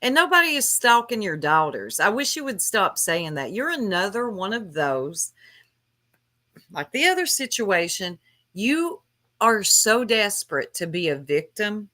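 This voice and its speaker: A woman hosting a livestream, giving scolding, drawn-out commentary in casual chat. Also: medium pitch, sharp tone. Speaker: livestream host.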